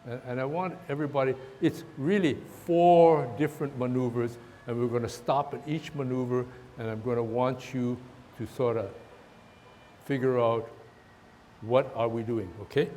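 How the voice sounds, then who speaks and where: A man teaching tai chi to a class, talking haltingly with many restarts as he demonstrates moves. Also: mid-range voice, mellow, a little hiss or hum. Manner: halting, repeats words, talks while demonstrating moves. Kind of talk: outdoor class instruction. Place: park, outdoors.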